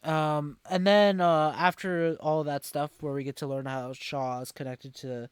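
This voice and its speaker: A man's voice: fairly high pitch, fairly even intonation, measured pace, clear, resonant tone, dry recording. A man co-hosting a casual podcast, recapping an episode with many fillers and restarts. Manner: rambling, lots of fillers and restarts. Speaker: podcast co-host.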